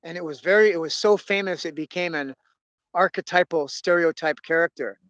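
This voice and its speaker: A man's voice: fairly high pitch, a little fast, a bit bright, dry recording, lo-fi sound. A man hosting a casual monologue, rambling and cursing as he tells a story.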